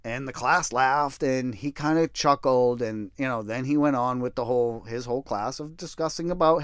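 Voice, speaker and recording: A middle-aged man tells a story from his own life in plain, salty words and pokes fun at himself. His voice sits at an ordinary pitch and jumps between loud outbursts and quiet mutters. The recording is dry and close, with no room sound. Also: expressive, normal speed, few pauses, no echo. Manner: profane, blunt and self-deprecating; swings between loud bursts and low mutters. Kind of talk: casual personal storytelling.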